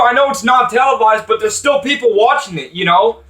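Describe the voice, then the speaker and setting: A man's voice: high voice, expressive, fairly quick, fairly bright tone, reverberant, distant mic. A man ranting angrily about wrestling, swearing often and rambling with restarts. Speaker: wrestling commentator vlogger. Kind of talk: angry profane rant.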